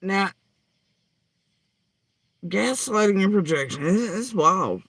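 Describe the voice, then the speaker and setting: A man's voice: high voice, lively intonation, slow, a bit bright, no echo. A man ranting angrily and profanely in reaction to clips, mocking and heated. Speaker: commentary host. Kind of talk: angry reaction rant.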